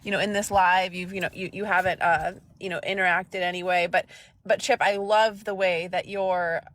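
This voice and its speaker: Woman, livestream guest, halting speech, lots of fillers, lowish pitch. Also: fairly even intonation, a bit bright. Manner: halting, searches for words, many fillers. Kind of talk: casual chat.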